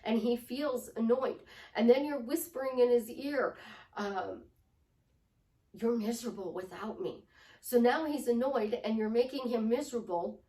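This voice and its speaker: Animated woman coach in a roomy space. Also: on the high side, normal speed. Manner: animated, acts out affirmations in different tones. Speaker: life coach. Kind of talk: coaching monologue. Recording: roomy sound from a distant mic.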